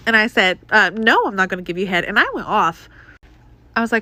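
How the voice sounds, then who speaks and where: A woman's voice: mid-range voice, sing-song, moderate pace, pauses often, sharp tone, dry recording. A woman telling a bad date story to the camera, frank and swearing, laughing as she goes.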